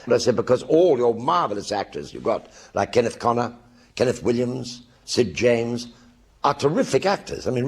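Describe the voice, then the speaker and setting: Husky and a little mellow, this medium-pitched man is an older actor performing a one-man stage show. In front of a live audience, he spins anecdotes and imitates the voices of the people in them.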